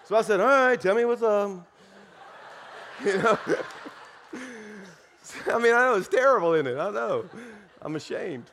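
A pastor with a Southern US accent telling a lively, self-mocking story during a sermon. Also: male voice, sits high, unhurried, pauses often, a little hiss or hum.

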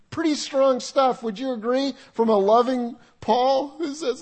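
Older male pastor, high-pitched, chatty sermon delivery with jokes and asides to the congregation. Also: expressive, unhurried, darkish tone. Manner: conversational, humorous preaching with audience asides. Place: church sanctuary with congregation.

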